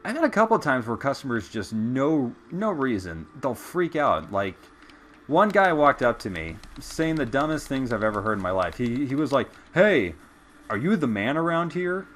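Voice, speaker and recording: Animated young man telling stories. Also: mid-range voice, moderate pace, slight background noise. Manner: animated, chatty, casual swearing. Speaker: gameplay streamer. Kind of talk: casual storytelling while gaming.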